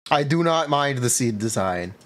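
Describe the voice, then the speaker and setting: A man's voice: mid-range voice, expressive, normal speed, a bit bright. A man streaming live and chatting casually with his viewers, laid-back and reacting to chat.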